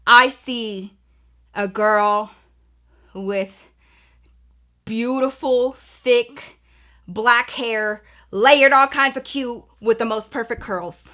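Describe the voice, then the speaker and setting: A woman's voice: on the high side, drawn-out words, pauses often, sharp tone. A young woman telling a personal story to her viewers in a candid, profane, chatty way. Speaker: storytime vlogger. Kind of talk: casual storytelling.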